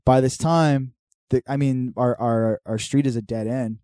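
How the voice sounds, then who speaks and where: Profane, animated man telling stories. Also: medium pitch, a little slow, clean tone, no room sound, studio quality. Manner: profane, animated storyteller acting out quoted voices. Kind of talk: casual storytelling chat.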